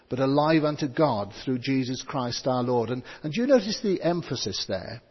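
A man preaching a sermon, reading scripture and slowing down to stress key words. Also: mid-range voice, expressive, husky. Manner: stresses words, slows for emphasis. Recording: dull sound with long hall reverb.

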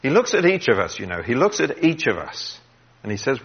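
A man preaching a sermon in an earnest voice, dropping low and quiet when he quotes Jesus. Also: big pitch swings, brisk, breathy edge, muffled recording. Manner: earnest, drops to a hush when quoting, gets emotional.

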